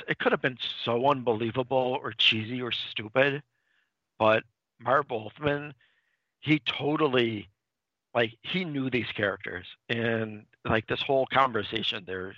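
A man's voice: mid-range voice, no room sound, dull audio. A man casually recapping a comic book plot on a podcast, rambling with restarts and acting out lines. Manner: animated, dips into quoted character lines. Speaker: podcast co-host.

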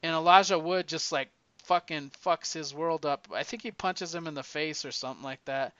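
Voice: medium pitch, normal speed, a bit bright, no echo. A podcast co-host casually retelling a movie plot, rambling and swearing, with lots of "like" and restarts. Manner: rambling and profane, heavy use of "like". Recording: dull lo-fi recording.

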